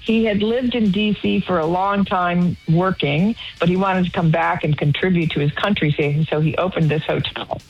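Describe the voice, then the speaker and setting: Woman radio guest, low voice, animated storyteller, faint music underneath. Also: moderate pace, hardly any pauses, husky, dull audio. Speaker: guest actress. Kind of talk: casual radio interview.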